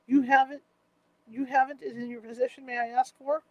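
A woman's voice: sits high, flat delivery, a little fast, no echo, close to an everyday voice. Trial reading: woman voicing a barking male lawyer, firm questions, dry close sound. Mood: pressing. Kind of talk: reading courtroom testimony aloud.

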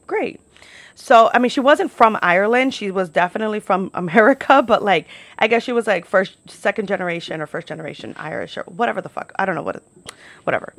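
A woman's voice: medium pitch, dry recording. Chatty young woman, dry close sound. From New York. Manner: chatty, peppered with "like", swears freely. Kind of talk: casual storytelling monologue.

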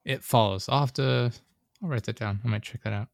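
A young man in casual chat, rambling and animated, often acting out scenes as he talks. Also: medium pitch, fairly quick, vocal fry, dry recording, clean studio sound.

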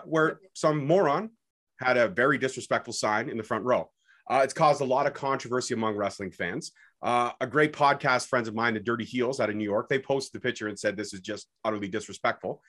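Man, podcast host, laid back, frank, casual chat, mid pitch. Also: a bit bright.

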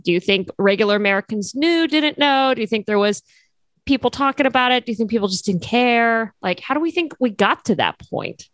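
A woman's voice: a little high, animated, fairly quick, dry recording. A woman co-hosting a podcast, talking loosely with lots of fillers and jokey asides. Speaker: podcast co-host. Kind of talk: casual chat.

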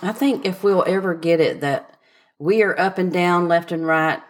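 A woman's voice: lowish voice, moderate pace. A woman co-hosting a podcast, reading scripture aloud and then talking it over in casual chat. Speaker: podcast co-host. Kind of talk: casual Bible study chat.

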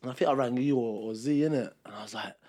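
Young guy on a podcast, talks real fast, acts out the quotes, mid pitch. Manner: rapid, animated, acts out quotes. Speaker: podcast co-host. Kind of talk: casual chat, storytelling.

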